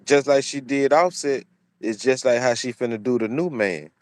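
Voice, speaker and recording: A man's voice: mid-range voice, moderate pace, darkish tone, no room sound. Preachy, repetitive man. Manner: repeats phrases for emphasis, preachy. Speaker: commentary channel host. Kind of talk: opinionated solo commentary.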